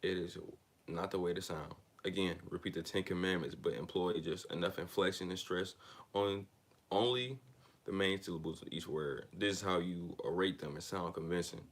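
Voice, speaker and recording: A deep-voiced man reads a self-help text aloud. He stumbles and restarts on words, then breaks off into loose, slangy chat before going back to the page. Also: fairly even intonation, a little fast. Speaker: reader of a self-help book on a channel. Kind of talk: reading aloud with casual asides.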